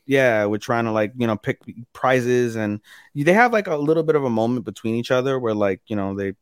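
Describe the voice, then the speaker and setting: A man's voice: medium pitch, animated, a little fast, clean tone, no room sound, clean studio sound. A man co-hosting a podcast, casually recapping anime episodes in a rambling way, with lots of fillers. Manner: rambling, many fillers, acts out characters' lines. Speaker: podcast co-host.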